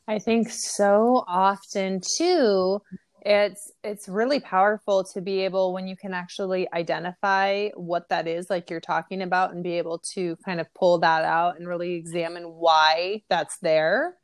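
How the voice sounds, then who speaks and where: A woman podcast host, slightly hoarse from losing her voice, chatting casually and telling stories with lots of fillers. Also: fairly low pitch, a little slow, no echo. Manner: chatty, animated storytelling with fillers.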